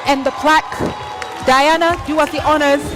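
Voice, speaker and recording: A high-pitched woman emcees a live awards show from a big stage, pumping up the crowd with loud, energetic announcements. A crowd murmurs and faint music plays behind her. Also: moderate pace. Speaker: event emcee. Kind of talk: live awards ceremony hosting. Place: stage of a large live event.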